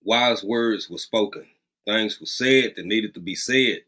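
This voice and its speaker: A man hosting a casual livestream from a rural home, greeting viewers by name and talking in a lively, drawling way, repeating phrases. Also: fairly low pitch, a little slow. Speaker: livestream host.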